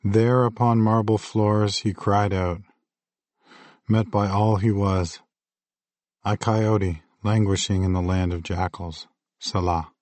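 A man narrates his own memoir in a measured, vivid audiobook delivery. His voice sits on the low side. The recording is dry and close, with no room sound. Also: steady tone, darkish tone, dry recording.

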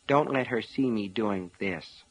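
A man voicing the quiet, pleading inner thoughts of a frail woman in pain. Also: on the low side, measured pace, breathy edge. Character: frail woman in pain, praying in her head.

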